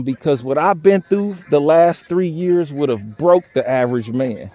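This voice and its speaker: A man's voice: a little high, moderate pace, few pauses, darkish tone, faint music behind. A young man talking candidly in a personal vlog outdoors, earnest and pleading, his voice unsteady from crying. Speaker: vlogger. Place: outdoors by a railroad bridge.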